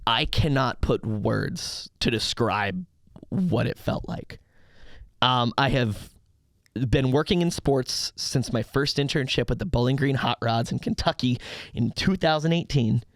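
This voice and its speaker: A young man chatting on a podcast at an ordinary pitch, recorded close and dry. He tells stories with rising excitement and now and then shouts out crowd chants. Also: unhurried, dry recording. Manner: excitable storyteller, acts out crowd hype in loud bursts. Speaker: podcast guest, arena host. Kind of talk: casual podcast chat.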